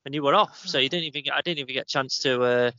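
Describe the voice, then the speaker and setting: A man co-hosts a relaxed podcast, chatting and recounting stories in a casual way. His voice is bright and forceful. The sound is dry and somewhat dull. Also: mid-range voice, very fast, dry recording. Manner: chatty storyteller. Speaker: podcast co-host. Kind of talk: casual chat. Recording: slightly muffled dry recording.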